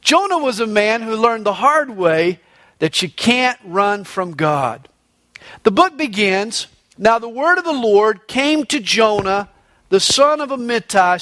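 A man's voice: extremely high pitch, fairly bright tone, dry recording. A man preaching a sermon as pastor, emphatic, telling stories and quoting scripture. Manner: emphatic preacher telling a joke with quoted voices.

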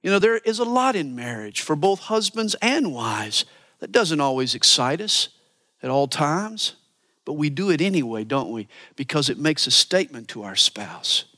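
A man preaching a sermon as a pastor, animated and earnest, dropping to hushed asides for emphasis. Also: on the high side, moderate pace. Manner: animated preaching, mimics voices for quotes.

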